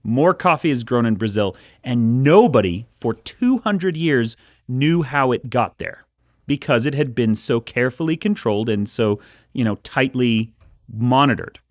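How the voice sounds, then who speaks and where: A man's voice: mid-range voice, animated, unhurried, dry recording. A dry-voiced man telling a story. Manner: storytelling with fillers, self-mocking. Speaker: podcast co-host. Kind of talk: casual chat.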